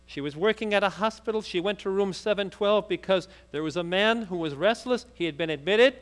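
High-voiced man preaching a story. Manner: rapid storytelling that rises into fervent, emphatic preaching. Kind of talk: sermon with storytelling.

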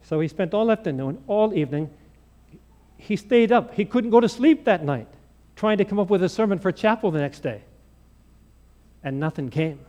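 A male preacher giving a sermon, telling stories in an animated way and acting out the dialogue. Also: high voice, normal speed, pauses often. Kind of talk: sermon storytelling.

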